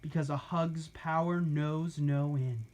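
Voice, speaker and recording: A woman voicing a grand, solemn male hugging warrior in a storybook reading, declaiming loudly. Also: fairly even intonation, slow pace. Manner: declaiming, booming.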